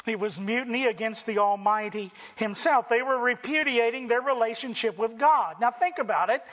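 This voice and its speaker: Guy preaching a sermon, really high voice, bright and punchy, big echoey church sound. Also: normal speed. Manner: animated preaching, acts out quoted complainers. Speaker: pastor.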